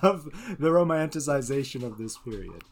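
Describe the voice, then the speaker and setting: Man, podcast host, casual chat, lively pitch, easygoing, fillers. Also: moderate pace. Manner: laughs often, hesitant fillers.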